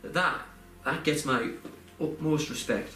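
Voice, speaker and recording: A man's voice: on the high side, takes it slowly, pushed and bright, soft background music. A young man telling a personal story in a rambling, heartfelt way, full of fillers and restarts. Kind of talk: casual podcast chat. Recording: roomy echo, faint background noise.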